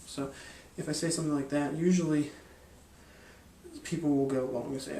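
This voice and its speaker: A man's voice: on the high side, steady tone, fairly quick, warm tone, reverberant, distant mic, slight background noise. Rambling man teaching a magic trick. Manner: rambling, hesitant, with many fillers and restarts. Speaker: magic and hypnosis instructor. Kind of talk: casual instructional explanation.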